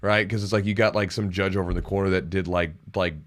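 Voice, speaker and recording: A man hosting a podcast in casual chat, talking in an animated, rambling way with sudden jumps in pitch. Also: fast. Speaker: podcast host.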